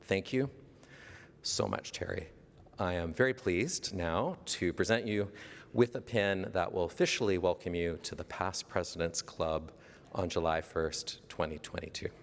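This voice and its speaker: Guy reading a prepared tribute, earnest and formal, low gravelly voice, big echoey hall. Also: measured pace. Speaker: teacher presenting an award. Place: large convention hall. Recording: long hall reverb.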